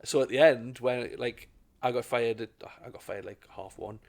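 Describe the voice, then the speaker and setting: A man's voice: medium pitch, normal speed. A middle-aged man, a stand-up comedian telling rambling anecdotes in casual chat, with plenty of restarts. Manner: rambling anecdotes, acts out quoted voices, lots of restarts.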